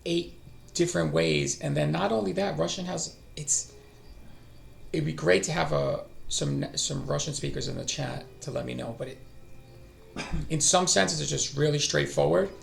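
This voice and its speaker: Gravelly, rambling middle-aged man. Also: a little high, normal speed, slight background noise. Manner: rambling, thinks aloud, trails off and restarts. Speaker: language-learning streamer. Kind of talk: casual live-stream talk.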